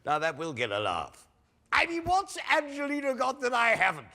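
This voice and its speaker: An actor playing a camp, pompous veteran stage actor rehearsing as a pantomime dame, theatrical and full of himself. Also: male voice, extremely high pitch, wildly swooping pitch, normal speed, pushed and bright, full character voice. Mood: hammy. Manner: theatrical, pompous, speaks stage directions aloud. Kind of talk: TV comedy drama acting.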